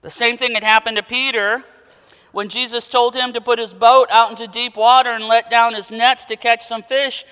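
A man preaching a sermon, dramatic, moving from quiet intensity to loud emphatic peaks. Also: very high-pitched, little pitch movement, moderate pace, clear, resonant tone. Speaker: pastor. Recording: long hall reverb.

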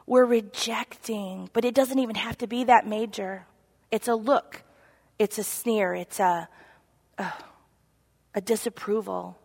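A woman giving an earnest, confessional sermon, moving between loud emphasis and soft whispered asides. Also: medium pitch, a little slow, breathy edge. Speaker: church speaker. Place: church sanctuary. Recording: long echo of a large hall.

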